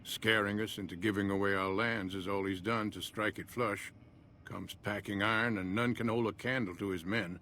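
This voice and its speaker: A gruff, bitter old rancher. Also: male voice, lowish voice, steady tone, moderate pace, pushed and bright, slight background noise. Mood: scornful. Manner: folksy drawl, grumbling and blunt. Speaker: game character.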